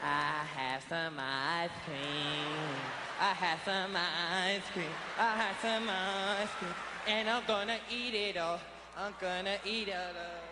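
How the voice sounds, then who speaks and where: A man's voice: high-pitched, steady tone, takes it slowly, voice pushed down. A comedian in a live stand-up set voicing a gloating young boy who taunts other kids with singsong chants. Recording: live hall, loud crowd and noise.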